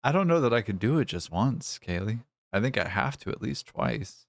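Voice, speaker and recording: A man's voice: medium pitch, big pitch swings, moderate pace, creaky, no room sound. A man streaming a game live, casually teasing and bantering with his chat as he reads it out.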